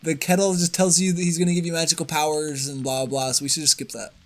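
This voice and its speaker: A man's voice: a little high, level tone, fast talker. A man co-hosting a casual let's-play video, chatty and laughing, explaining the controls. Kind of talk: casual gameplay chat. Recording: music playing behind.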